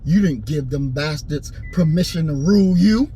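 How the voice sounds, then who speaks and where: A man delivering an impassioned, preachy rant and story, repeating his points and rising into shouts. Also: on the high side, moderate pace, slight background noise, poor audio. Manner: preachy, repetitive, swings into shouting.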